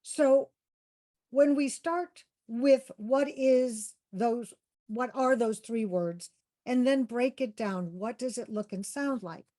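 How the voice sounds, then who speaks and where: A woman with a somewhat high voice leads an interview-skills workshop. She is upbeat and encouraging, asks her group questions and demonstrates different ways of speaking as she teaches. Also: takes it slowly, warm tone.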